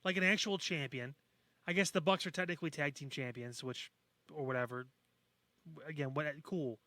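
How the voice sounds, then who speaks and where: A man's voice: fairly high pitch, fairly even intonation, normal speed, pushed and bright, dry recording. Man, podcast co-host, blunt, profane, sarcastic, dry recording. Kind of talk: casual chat.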